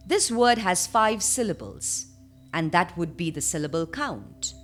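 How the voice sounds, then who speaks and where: A woman presenting a scripted online lesson as a trainer, with a clear, measured teaching delivery. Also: mid-range voice, big pitch swings, soft background music.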